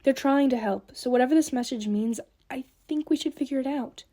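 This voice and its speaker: A woman's voice: high voice, brisk, warm tone. A woman voicing an earnest, determined young girl who speaks up insistently.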